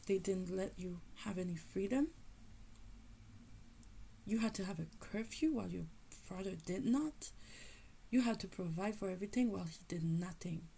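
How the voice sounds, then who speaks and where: A woman's voice: medium pitch, moderate pace, creaky, pauses often, warm tone, a little hiss or hum, natural voice. A woman voicing a stern, angry divine father. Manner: firm, scolding, protective.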